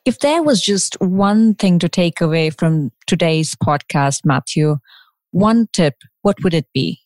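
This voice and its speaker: A woman's voice: on the low side, lively intonation, a little slow, darkish tone, no echo. A woman hosting a podcast interview, asking polite, brief questions. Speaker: podcast host.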